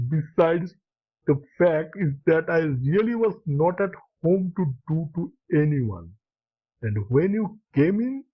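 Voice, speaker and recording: A man reads a jovial young painter who chuckles as he teases, with a high voice that leaps up and down. He drawls slowly, and the recording sounds dull and lo-fi. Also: full character voice. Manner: chuckling, teasing.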